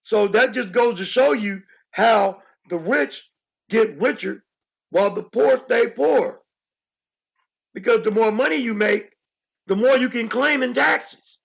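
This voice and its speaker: Raspy high-voiced man, emphatic. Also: a little slow, muffled recording. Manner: emphatic, explanatory, repeats points for stress. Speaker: co-host. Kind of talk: casual podcast discussion.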